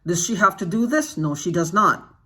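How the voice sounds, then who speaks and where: Husky-voiced agitated vlogger full of questions. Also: mid-range voice, lively intonation, normal speed, bright, forceful tone. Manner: repeats phrases for emphasis. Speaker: YouTube channel host. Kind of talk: unscripted vlog monologue.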